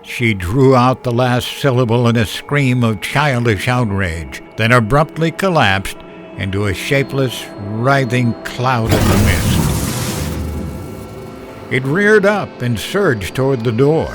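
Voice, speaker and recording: A man narrating a horror story in a slow, measured storytelling style. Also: medium pitch, lively intonation, music in the background.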